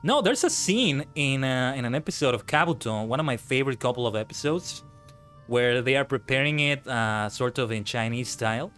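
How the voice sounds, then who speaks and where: A man chatting on a live gaming stream who breaks into animated, swearing rants. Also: medium pitch, normal speed, faint music behind. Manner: ranting, swears freely, animated outbursts. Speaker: VTuber streamer. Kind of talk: casual live-stream chat while gaming.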